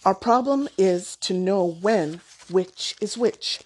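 Woman reading as a steady old grandfather. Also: medium pitch, slightly rough. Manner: measured, unhurried, gently instructive. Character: patient, steady elderly grandfather. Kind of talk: storybook read-aloud.

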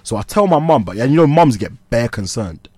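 A young man, co-hosting a comedy podcast and telling a story in animated slang, laughing as he goes. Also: medium pitch, fairly quick, husky, no room sound. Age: young adult. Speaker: podcast co-host.

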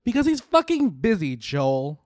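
A man's voice: high-pitched, huge pitch swings, a little mellow, dry recording. Sarcastic young man reacting, close and dry. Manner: sarcastic, swearing, quick jokey asides. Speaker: reaction video commentator. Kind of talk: casual reaction commentary.

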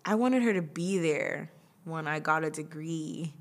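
A woman's voice: deep voice, measured pace. Chatty young woman hosting a podcast. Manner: chatty, laughs often, acts out quoted voices. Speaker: podcast host. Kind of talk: casual personal monologue.

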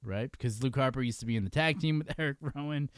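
A man's voice: medium pitch, fast talker, clean tone, no echo, studio quality. A man hosting a casual podcast chat, loose and profane, laughing often and restarting his sentences. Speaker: podcast host.

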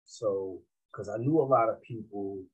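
A man's voice: fairly low pitch, measured pace, a little mellow, slightly rough, low-quality recording. A man from Massachusetts, a rapper guest, telling laid-back, slangy stories in a casual interview and laughing often.

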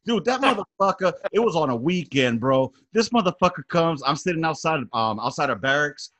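A man in casual conversation, spinning army tales with lots of swearing. He talks in an animated way, his pitch leaping as he acts out what others said. Plain everyday delivery between the bursts. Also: brisk. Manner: animated storyteller, heavy swearing, acts out quotes loudly. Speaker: army veteran telling stories. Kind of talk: casual profane chat.

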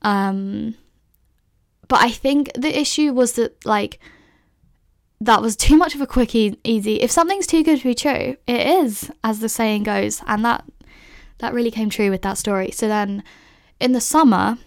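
A woman's voice: on the high side, moderate pace, no room sound, studio quality. A woman in her twenties from the UK, telling a story in a chatty, casual way with lots of fillers and laughs. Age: 20s. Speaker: vlogger.

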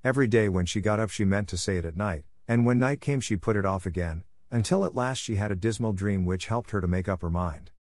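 Man reading a fairy tale, low-voiced. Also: a little fast, few pauses, darkish tone. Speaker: narrator. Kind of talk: storybook read-aloud.

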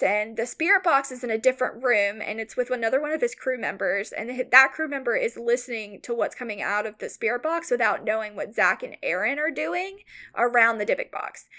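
A woman co-hosting a podcast, casually retelling a story with lots of "like" fillers, rambling and animated. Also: fairly high pitch. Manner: animated, mock-outraged retelling. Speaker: podcast co-host.

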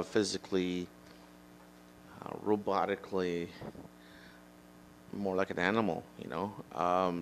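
Rambling blunt man, low voice. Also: a little hiss or hum. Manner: rambling, blunt and profane, with frequent restarts; mocks imagined critics in a raised mocking voice. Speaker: podcast host. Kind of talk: solo opinion monologue.

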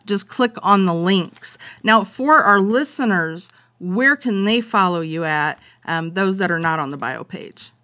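A woman's voice: on the low side, measured pace, hardly any pauses, bright, forceful tone. A woman hosting an interview, asking questions and encouraging her guest with frequent okays. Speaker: interviewer host. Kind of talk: casual interview.

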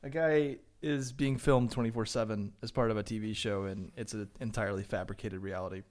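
A man co-hosting a casual comedic chat, wry and quick, often breaking into laughter. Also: on the low side, fairly even intonation, darkish tone.

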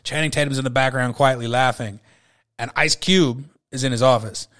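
A man's voice: medium pitch, fairly even intonation, moderate pace, a bit bright. A man in his thirties hosting a podcast, chatting casually about a movie he loves, rambling and swearing freely. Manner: rambling, profane, with frequent fillers. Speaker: podcast host. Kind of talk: casual movie review chat.

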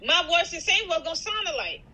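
A woman co-hosting a casual faith podcast, telling animated stories, acting out dialogue and laughing often. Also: extremely high pitch, fairly quick. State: out of breath at times. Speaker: podcast co-host.

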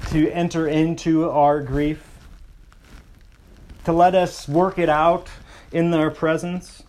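A man preaching with a slightly higher-pitched voice. He shifts his pace freely, sometimes rushing ahead and sometimes slowing to a hush to stress a point. His delivery is earnest and expressive. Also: a little hiss or hum. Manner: expressive preaching, slows and softens for emphasis. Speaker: pastor. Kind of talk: sermon.

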